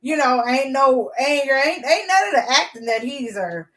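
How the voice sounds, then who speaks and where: A woman vlogger telling a story to her viewers in a blunt, profane, lively way. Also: sits high, moderate pace, recorded from a distance, poor audio.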